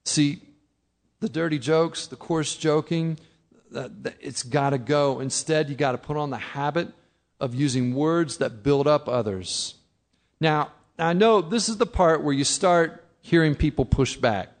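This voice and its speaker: A man's voice: a little high, unhurried. A middle-aged man preaching a sermon in a conversational way, acting out his listeners' objections. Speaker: pastor.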